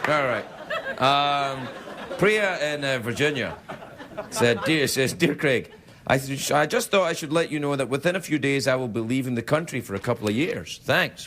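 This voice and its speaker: A playful male talk show host delivers a rambling, jokey comic monologue reading viewer emails, his pitch jumping quickly. It's a TV studio broadcast with a live audience whose loud laughter and noise come through.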